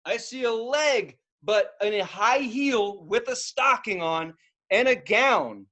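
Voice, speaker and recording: A young man co-hosting a podcast, telling an animated story in casual chat and bursting into loud acted-out outbursts. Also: high voice, takes it slowly. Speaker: podcast co-host.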